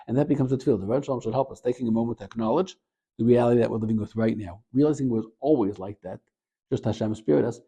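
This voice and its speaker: A man, a rabbi and Torah teacher, giving a short Torah talk as an animated storyteller. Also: racing, husky. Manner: animated storyteller, gets louder and higher at the story's peak.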